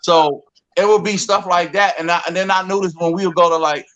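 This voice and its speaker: A man from the DC area, talking in a rambling, animated way in a casual group debate, often repeating words. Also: high-pitched, a little fast, lo-fi sound. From DC, Maryland, Virginia area.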